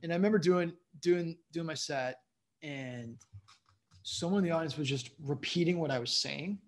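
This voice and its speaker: A male comedian chatting as a guest, his voice sitting a little higher than most men's. He rambles through his stories with lots of fillers and keeps checking in with the listener. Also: moderate pace. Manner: rambling storyteller, keeps saying "you know what I mean". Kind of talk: casual interview chat.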